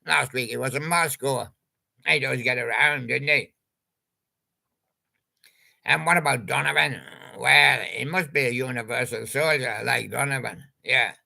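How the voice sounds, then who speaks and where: Slow, gravelly older Englishman rambling. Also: medium pitch, bright, forceful tone. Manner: chatty, meandering, jokey wordplay. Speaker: channel host. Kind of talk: rambling casual monologue about old pop songs.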